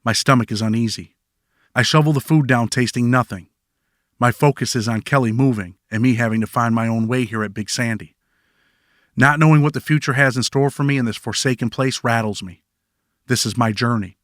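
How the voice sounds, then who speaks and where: A man's voice: medium pitch, brisk, fairly bright tone, no room sound, studio quality. A man narrating his own memoir in the first person, in a reflective storytelling manner.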